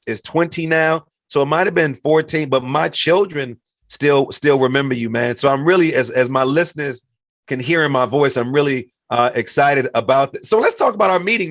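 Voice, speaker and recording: A middle-aged man from the United States hosting a podcast, talking in a lively way and acting out what others said. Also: mid-range voice, normal speed, dry recording, studio quality. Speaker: podcast host. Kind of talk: casual conversation.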